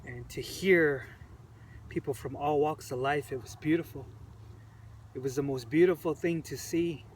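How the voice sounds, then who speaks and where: A man recounting events to the camera in an earnest, halting way, repeating phrases, his voice emotional and choked up. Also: fairly high pitch. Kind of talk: personal storytelling to camera. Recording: distant mic with faint background noise.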